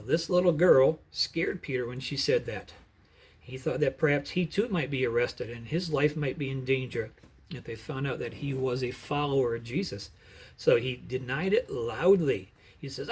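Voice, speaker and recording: A middle-aged preacher tells a Bible story in a husky voice, stopping now and then to explain the background. His pitch sits in the ordinary male range. He keeps an earnest, steady storytelling manner.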